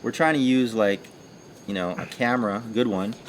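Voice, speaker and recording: A man chatting on a casual livestream, loose and rambling with plenty of fillers and jokes. His voice sits fairly low, with a faint hiss of background noise behind it. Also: moderate pace. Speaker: co-host of a livestream.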